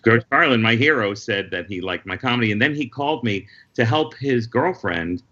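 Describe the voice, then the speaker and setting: A man, a guest comedian, telling lively anecdotes in casual conversation over a video call. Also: mid-range voice, dull audio. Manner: lively anecdotal storyteller, quick asides. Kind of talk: casual storytelling chat.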